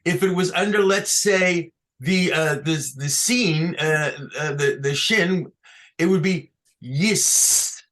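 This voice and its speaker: A male cantor gives an online lesson on chanting scripture, speaking slowly in a fairly high voice. He explains each point patiently and keeps checking that his students follow. The sound comes through a computer mic on a video call. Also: a bit bright. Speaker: cantor teaching a class.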